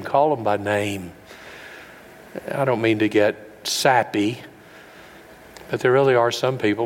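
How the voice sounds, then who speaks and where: A man preaching a sermon as pastor, folksy and earnest, building up to loud, high peaks. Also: long reverb tail, a little hiss or hum. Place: large room with an audience.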